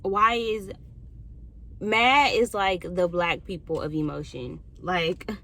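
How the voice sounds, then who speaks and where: Bright-voiced young woman, candid rant. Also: fairly low pitch, steady tone, takes it slowly. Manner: candid, heavy cursing, swings between quiet and heated. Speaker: podcast host. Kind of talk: casual monologue.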